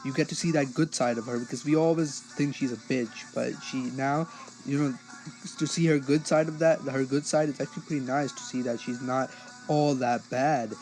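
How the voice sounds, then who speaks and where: A man talks through an episode review in a loose, rambling way, full of fillers and restarts. His voice sits at an ordinary middle pitch. Soft music plays faintly underneath. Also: steady tone, moderate pace, rough recording. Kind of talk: casual spoken review.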